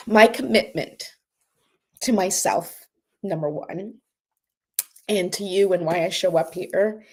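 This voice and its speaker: On her live oracle card show, a woman talks slowly in a fairly low, slightly rough voice with long pauses. Her casual talk is earnest, tearful and rambling before she guides viewers through breathing.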